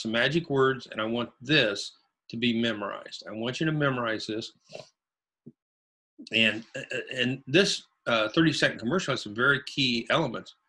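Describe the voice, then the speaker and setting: A real estate investing instructor from Ohio teaches a live webinar in a bright, forceful, mid-pitched voice. He hammers and repeats his key phrases, coaching listeners emphatically.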